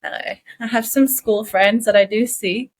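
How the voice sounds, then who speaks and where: A woman from England co-hosting a podcast, chatting casually and pausing to search for her words. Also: fairly high pitch, fairly even intonation. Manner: reflective, searching for words mid-sentence. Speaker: podcast co-host. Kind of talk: casual chat.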